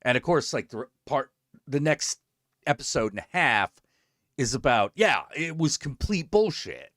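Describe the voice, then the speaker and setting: A man's voice: mid-range voice, moderate pace, no room sound, studio quality. A man hosting his own stream, chatting casually and telling a story with lots of swearing, acting out both sides of conversations. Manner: animated, profane, acts out both sides of conversations. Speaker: streamer host.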